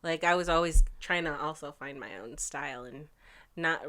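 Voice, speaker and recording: A young woman co-hosting a podcast in casual chat, often agreeing and speaking in halting, restarting phrases. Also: deep voice, sharp tone. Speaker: podcast co-host.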